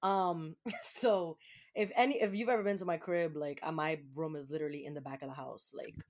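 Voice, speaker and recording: A woman's voice: deep voice, fairly quick. A young woman hosting a chat show, telling a story casually with lots of swearing, laughter and Spanish words mixed in. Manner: animated, profane, laughing storyteller.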